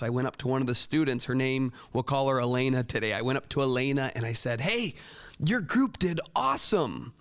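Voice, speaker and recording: A man, a teacher, talking earnestly to fellow teachers and acting out quoted dialogue in a raised voice. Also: mid-range voice. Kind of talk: talk to teachers with classroom stories.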